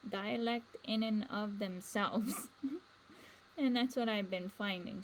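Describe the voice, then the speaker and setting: A woman's voice: medium pitch, slow pace, a little hiss or hum, poor audio. Woman musing in a rambling spiritual monologue. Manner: meandering, repeats words, trails off into asides. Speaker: spiritual vlogger.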